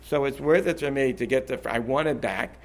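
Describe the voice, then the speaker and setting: A man's voice: mid-range voice, brisk. A man leading a discussion, who talks emphatically, repeats himself and insists on his point. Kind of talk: animated discussion.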